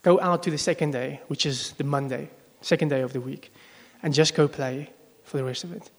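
Male pastor, a bit high-voiced, chatty sermon that quizzes the congregation, live in a reverberant church hall. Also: fairly quick. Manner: conversational, asks the congregation questions. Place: church service before a congregation. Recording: long echo of a large hall.

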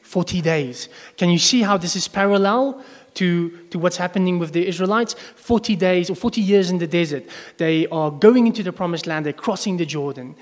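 Male pastor, a bit high-voiced, chatty sermon that quizzes the congregation, live in a reverberant church hall. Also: normal speed. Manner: conversational, asks the congregation questions. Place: church service before a congregation. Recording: long echo of a large hall.

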